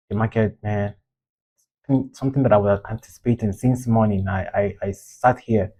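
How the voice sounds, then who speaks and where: A man's voice: fairly low pitch, vocal fry, warm tone. A man reviewing his own trades in a casual, rambling way, frustrated and scolding himself for his mistakes.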